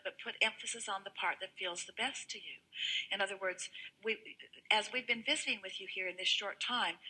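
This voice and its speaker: A woman's voice: medium pitch, pushed and bright, breathy edge, low-quality recording. A woman answering an audience question at a live seminar. She speaks as "we", emphatic and repetitive, with many rhetorical questions.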